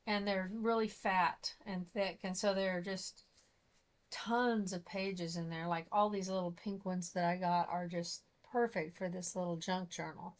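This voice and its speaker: A woman's voice: lowish voice, fairly even intonation, unhurried. A middle-aged woman, chatting casually and rambling as she shows her craft supplies. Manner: chatty, rambling, thinks aloud. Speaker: craft vlogger. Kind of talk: casual show-and-tell chat.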